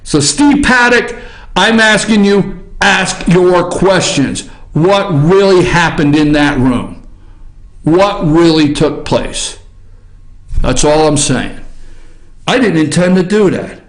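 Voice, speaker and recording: Man, high-pitched voice, blunt ranting commentary, echoey office. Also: lively intonation, slow. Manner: blunt, ranting, emphatic, swears. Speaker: political commentary show host. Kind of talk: opinionated news commentary.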